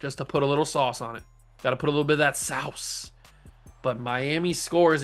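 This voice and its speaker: Gaming YouTuber, male, slightly high voice, lively play-by-play with playful trash talk, soft music underneath. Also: moderate pace. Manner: excitable, playful trash talk about his own plays. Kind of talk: gameplay commentary.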